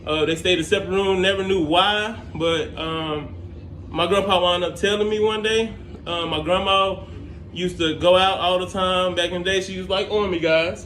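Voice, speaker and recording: High-voiced young man in a roomy space. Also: steady tone, a bit bright, slight background noise. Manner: rambling, halting, many fillers. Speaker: scholarship applicant. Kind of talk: casual to-camera talk.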